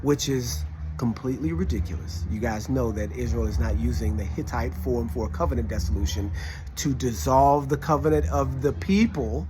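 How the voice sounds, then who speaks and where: Over background noise, a man with a mid-range voice shares a casual personal story from a classroom. His delivery is animated and emphatic, full of reenacted dialogue from the people involved.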